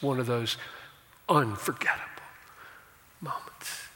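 A man preaching a sermon as a pastor, slow and emphatic, swelling into loud declarations. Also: medium pitch, in a large hall.

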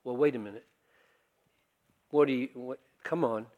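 An older man preaching a sermon, talking conversationally and rising to forceful emphasis. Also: mid-range voice, moderate pace, long pauses. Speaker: pastor.

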